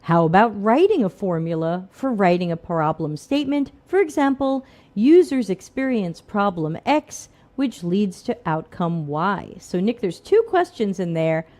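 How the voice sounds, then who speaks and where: A woman's voice: mid-range voice, big pitch swings, a little slow, hardly any pauses, warm tone. A middle-aged woman hosting a casual live Q&A stream, chatty and self-deprecating, laughing often. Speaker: livestream host. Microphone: desk microphone.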